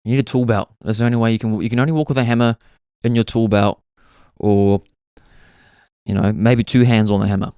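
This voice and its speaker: A man's voice: fairly low pitch, fairly even intonation, a little fast, pauses often, dark tone, clear, resonant tone, dry recording, clean studio sound. A young man, hosting a podcast and musing through a laid-back, self-mocking comic monologue. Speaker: podcast host.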